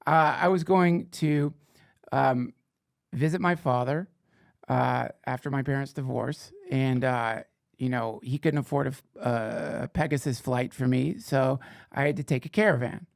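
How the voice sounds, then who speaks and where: Profane sarcastic podcast host, gravelly. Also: male voice, mid-range voice, measured pace, dry recording, clean studio sound. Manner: profane, sarcastic asides, rambling. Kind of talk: comedic reading of fake fantasy news.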